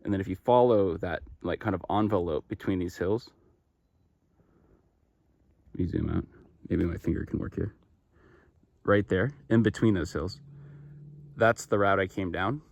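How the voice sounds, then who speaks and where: A man's voice: sits low, normal speed, creaky, pauses often, no echo. A man vlogging outdoors on a mountain trail, talking to a handheld camera in a chatty, self-deprecating way. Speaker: long-distance hiker filming his hike. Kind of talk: casual vlog narration to camera. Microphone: handheld camera or phone held while walking.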